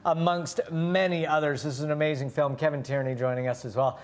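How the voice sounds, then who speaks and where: A man's voice: a little high, steady tone, a little fast. Upbeat male talk show co-host. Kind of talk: casual TV chat.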